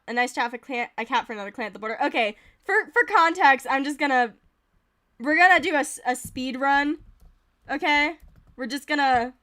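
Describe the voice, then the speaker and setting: A woman's voice: sits high, pushed and bright. A woman streamer giving casual, giggly commentary as she reads game events aloud.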